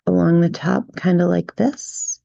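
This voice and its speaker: Slow, gravelly-voiced woman teaching drawing. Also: on the low side, flat delivery, no echo, dull audio. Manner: gentle, unhurried, narrates each stroke with "right?" checks. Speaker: drawing instructor. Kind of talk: relaxed step-by-step drawing tutorial.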